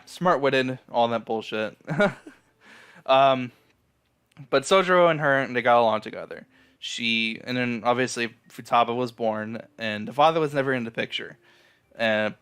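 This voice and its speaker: A man's voice: mid-range voice, fairly bright tone, smooth. A man casually recapping an anime episode, rambling and swearing, with lots of fillers and restarts. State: feeling down and apologetic. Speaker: anime reviewer.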